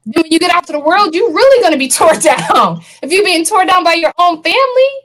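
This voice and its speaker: A woman's voice: very high-pitched, animated, brisk, a bit bright, low-quality recording. A woman co-hosting a casual panel discussion, talking earnestly and laughing often. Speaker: podcast co-host.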